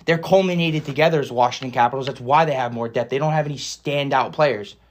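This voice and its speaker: A young man co-hosting a podcast, arguing fast and swearing often, talking over his partner. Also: mid-range voice, background noise. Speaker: podcast co-host. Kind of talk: heated casual sports debate.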